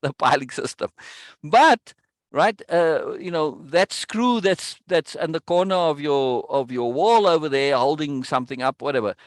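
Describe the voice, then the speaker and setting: A man leads a coaching session with an emphatic, insistent delivery, constantly checking in with his listener. His voice sits a little high for a man, and the recording is dry, with no room sound. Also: unhurried, no room sound. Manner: emphatic, checks in with "right?" often.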